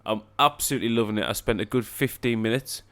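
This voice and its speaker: A podcast co-host with a fairly low pitch and a fairly bright tone talks fast in a casual chat. He's blunt, sweary and argumentative.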